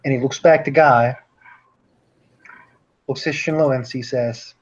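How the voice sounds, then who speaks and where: A man's voice: mid-range voice, fairly even intonation, unhurried, pauses often, husky. A man narrating as game master in a casual way, on a dull lo-fi recording. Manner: casual, with fillers. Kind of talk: narrating a tabletop role-playing game. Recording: dull lo-fi recording with faint hiss.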